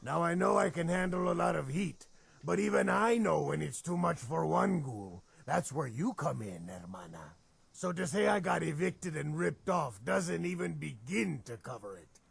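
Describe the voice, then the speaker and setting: Raspy, smooth-talking game ghoul with a Spanish accent, lively high voice, hustler charm. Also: male voice, normal speed, full character voice. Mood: persuasive. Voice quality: raspy, gravelly. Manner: slick, persuasive salesman patter. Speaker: game character.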